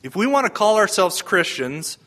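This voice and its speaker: A man's voice: high-pitched, very animated, normal speed, a bit bright. A man giving a homily in a conversational preaching manner, asking the congregation questions. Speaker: priest.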